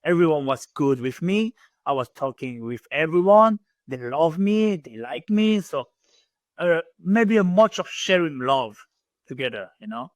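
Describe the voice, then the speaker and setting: A young man from Ivory Coast, a guest in a casual interview chat, speaks animated non-native English, often saying "you know" and "bro." His pitch is fairly high and his pace a little slow. The dry recording was made in a small room in military lodging.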